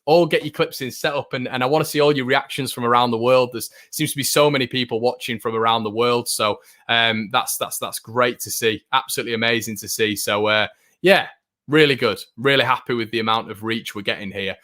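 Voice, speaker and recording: A man's voice: medium pitch, brisk. A young man hosting a live football watchalong stream, chatting casually and reading out viewer comments with lots of fillers and restarts. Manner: chatty, filler-heavy, frequent restarts, excitable fan.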